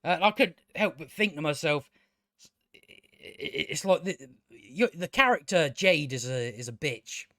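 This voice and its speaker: A man's voice: a little high, expressive, a little slow, bright, forceful tone, no room sound, studio quality. A man giving a casual spoken TV review, ranting with exasperation, stumbling over restarts and swearing.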